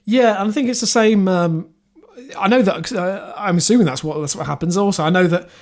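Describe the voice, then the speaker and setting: Male podcast co-host, high voice, halting news reader with lots of ums. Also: darkish tone. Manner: reads quotes aloud, halting with fillers and restarts. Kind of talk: casual comedic podcast chat.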